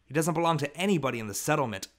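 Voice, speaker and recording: Male reader as a frontier boy, stubborn, protesting, slightly raised pitch, storybook. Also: animated, very fast, lightly acted. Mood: insistent.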